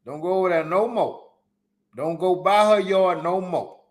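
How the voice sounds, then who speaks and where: A man with a high-sitting voice speaks at a measured pace while hosting a solo live podcast. His live-stream commentary is emphatic and repetitive advice delivered in casual slang.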